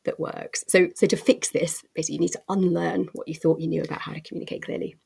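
A woman's voice: deep voice, flat delivery, fast talker, creaky, darkish tone, slightly rough. A woman executive giving expansive, articulate interview answers with frequent fillers and restarts. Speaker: company co-CEO guest.

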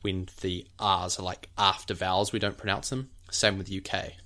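A man's voice: deep voice, flat delivery, moderate pace, sharp tone. A man with a New Zealand accent casually explaining things like a teacher on a podcast. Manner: explanatory, teacherly, demonstrates speech sounds.

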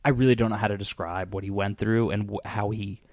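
A man's voice: fairly low pitch, fairly even intonation, fairly quick, darkish tone, no echo, clean studio sound. A man hosting a podcast in casual chat, rambling with lots of fillers and restarts. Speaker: podcast host.

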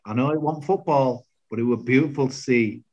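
A man chatting excitedly about football, full of banter. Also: medium pitch, brisk, dull audio. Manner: excitable, banter-filled, says mate a lot. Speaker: podcast contributor. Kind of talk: casual football chat.

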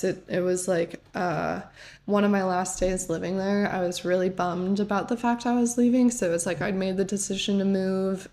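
A woman's voice: medium pitch, darkish tone. Young woman from the us, chatty, lots of "like", podcast guest in a pub. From United States. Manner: chatty, lots of "like" and self-corrections. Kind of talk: casual podcast interview.

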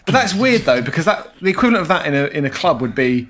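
A man's voice: a little high, big pitch swings, fast, fairly bright tone, a little hiss or hum. A man co-hosting a podcast in casual chat, jokey and playfully insistent. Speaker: podcast co-host.

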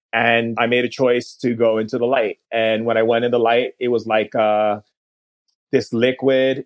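A man, a podcast guest, telling a long personal story in an earnest way, slowing down at key moments and restarting phrases. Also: medium pitch.

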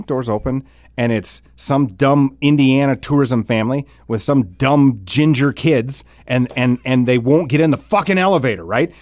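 Male podcast host, mid-pitched, dry close sound, rambling profane storytelling. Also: dry recording. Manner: profane, animated storytelling with exaggerated quoted voices. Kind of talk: casual storytelling chat.

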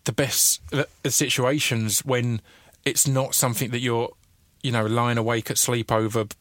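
A man hosts a podcast in a mid-pitched voice, rambling and self-deprecating as he restarts his sentences. He is recorded close and dry. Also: flat delivery, moderate pace, a bit bright, dry recording. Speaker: podcast host. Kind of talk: casual chat.

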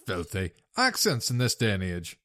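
A man's voice: fairly low pitch, huge pitch swings, moderate pace, pushed and bright, no room sound. A man co-hosting a gaming podcast, teasing his friend with dry banter. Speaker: podcast co-host. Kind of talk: casual chat.

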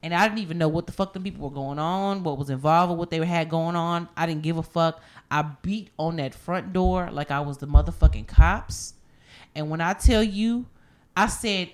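A woman in casual chat, telling stories with heavy profanity and animated, rising outbursts. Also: lowish voice, normal speed.

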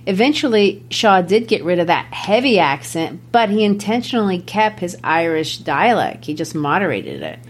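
A woman's voice: lowish voice, sing-song, moderate pace, few pauses, slightly rough. A woman with a Memphis, Tennessee accent, co-hosting a literary discussion in an explanatory, lecture-like way. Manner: explanatory, lecture-like, quotes texts. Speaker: podcast co-host.

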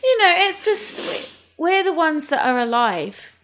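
A woman talks in a slightly high voice. She is candid and blunt in casual podcast chat and swears freely. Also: very animated, slow, fairly bright tone.

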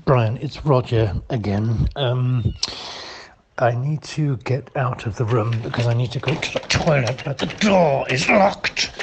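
A man's voice: mid-range voice, lively intonation, a little slow, gravelly, a little hiss or hum. A man leaving a hesitant, matter-of-fact voicemail for a friend in a comic sketch, full of ums.

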